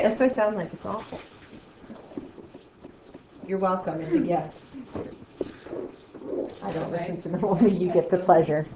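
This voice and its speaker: Excitable woman teaching a math class. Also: lowish voice, highs cut off. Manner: loud, excitable, self-mocking. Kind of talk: classroom lesson.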